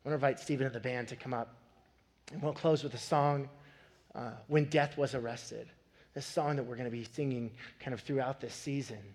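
A man in his thirties preaching a sermon, telling a family story with animated, building emphasis. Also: mid-range voice, fairly quick. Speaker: pastor. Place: church sanctuary. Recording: long hall reverb.

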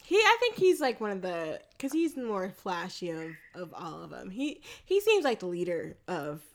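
A woman co-hosting a podcast, retelling a film in a casual, animated and profane way with frequent laughter. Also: lowish voice, moderate pace. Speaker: podcast co-host. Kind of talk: casual film recap chat.

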